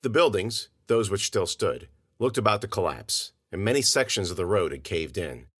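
A man narrating audio fiction in an expressive storytelling manner. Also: low-pitched, moderate pace, breathy edge.

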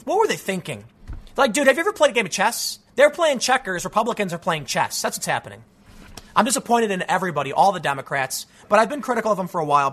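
Guy ranting about politics on his channel, frustrated, keeps restarting, high bright voice. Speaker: political commentary host. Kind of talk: solo political commentary.

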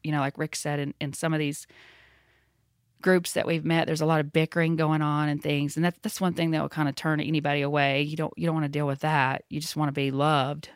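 A podcast co-host speaking in an earnest, halting and heartfelt way. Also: mid-range voice, level tone, clear, resonant tone, no room sound, studio quality. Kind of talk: casual group podcast chat.

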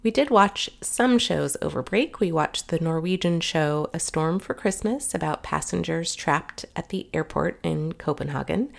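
A woman's voice: low voice, moderate pace, gravelly, few pauses. Chatty woman podcast host with a cold. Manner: chatty, upbeat. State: nasal from a cold. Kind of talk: casual podcast monologue.

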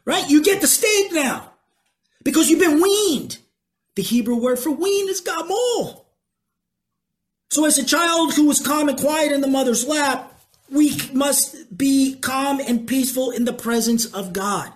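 A preacher teaching a sermon in a conversational way, asking the congregation questions and moving between slow emphasis and quick asides. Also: sits high, lively intonation.

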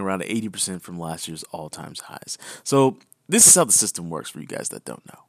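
A man's voice: sits low, expressive, a little fast, hardly any pauses, no room sound, studio quality. A man co-hosting a podcast, reading news headlines and explaining them in casual chat, often adding "right?". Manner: reads headlines, then explains loosely with "right?" asides. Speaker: podcast co-host.

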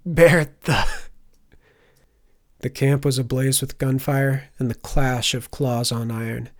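A male narrator reads a fantasy novel aloud at a middling pitch. His delivery is measured and controlled, and it drops soft and low in reflective stretches. The narration is scripted throughout. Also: flat delivery. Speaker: audiobook narrator.

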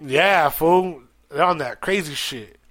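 A man's voice: fairly high pitch, slow pace, a crowd in the background. A man from Arizona co-hosting a podcast in casual chat, joking, profane and full of slang. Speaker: podcast co-host.

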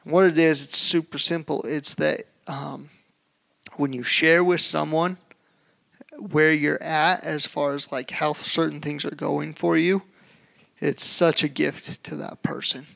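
A young adult man co-hosting a podcast, telling a story in a casual, animated way. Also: fairly high pitch, measured pace, creaky. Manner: animated storytelling, acts out shouting. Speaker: podcast co-host. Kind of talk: casual chat.

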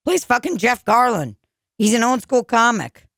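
A young woman hosts a casual podcast with a fairly high voice, swearing freely and rambling from one story to the next. Her voice sounds dry and close, with no room around it. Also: big pitch swings, moderate pace, vocal fry, a bit bright, dry recording. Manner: profane, laughing, rambling storyteller. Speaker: podcast host.

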